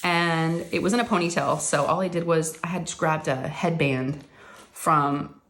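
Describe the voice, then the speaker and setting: A woman in her thirties or forties telling a rambling story to her viewers. She has a somewhat low voice, keeps it casual and easy with lots of fillers, and a faint hiss sits behind her. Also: normal speed, a bit bright. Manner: rambling, addresses viewers as y'all, uses many fillers. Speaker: crafting channel host.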